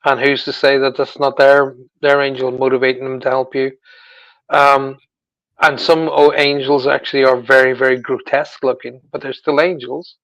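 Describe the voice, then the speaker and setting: A man's voice: mid-range voice, level tone, normal speed, a bit bright, dry recording, rough recording. A man speaking as a guest psychic medium in a casual interview, reassuring, often repeating his words.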